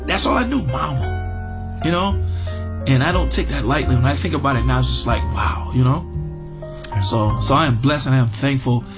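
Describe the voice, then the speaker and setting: A middle-aged man telling a personal story in a relaxed, conversational way, full of fillers and repeated words. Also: medium pitch, fairly quick. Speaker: interviewee. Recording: dull lo-fi radio audio with music behind.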